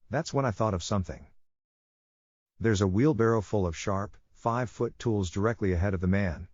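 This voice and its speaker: Dull, dry lo-fi audio captures a man whose voice sits on the low side as he narrates a first-person horror story. His retelling is tense and gripping, with the quotes shouted, and there's no echo.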